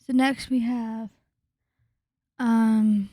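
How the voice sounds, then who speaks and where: A woman's voice: on the high side, flat delivery, extremely slow, warm tone, dry recording. Woman vlogger gushing and rambling, keeps dropping to a whisper, dry close sound. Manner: rambling with frequent fillers and restarts. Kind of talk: casual vlog commentary.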